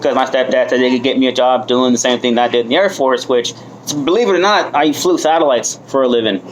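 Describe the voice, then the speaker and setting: A man's voice: medium pitch, fast talker, noisy background. Candid, self-mocking man in his thirties. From United States. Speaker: speaker sharing his story at a recovery meeting. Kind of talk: personal testimony.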